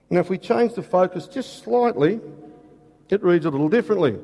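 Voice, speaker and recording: A man preaching a sermon, asking rhetorical questions and reading scripture slowly with emphasis. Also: high-pitched, expressive, mellow. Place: church hall. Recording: long hall reverb.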